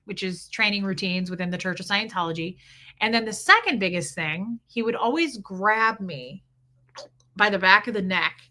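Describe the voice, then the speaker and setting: Speaking with a sharp, mid-range voice, a middle-aged woman shares frank personal stories about her life. Every so often she imitates the voices of the people she's describing.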